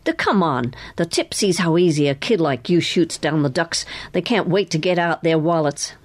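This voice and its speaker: A woman's voice: deep voice, animated, normal speed. A woman reading aloud, voicing a pushy male carnival barker who talks in a brash, coaxing way. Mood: persuasive.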